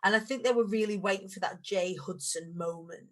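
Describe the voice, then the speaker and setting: A woman in her thirties with a Lancashire accent, a podcast guest telling her story in animated conversation. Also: medium pitch, brisk. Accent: Lancashire English. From England. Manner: animated storytelling, rising sharply when excited. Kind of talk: conversational interview.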